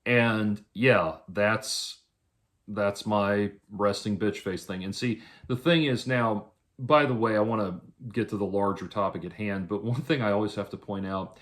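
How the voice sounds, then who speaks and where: A man, a musician, talking through a casual, rambling monologue to camera, halting often and adding dry sarcastic asides. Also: fairly low pitch, fairly bright tone. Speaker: musician vlogger.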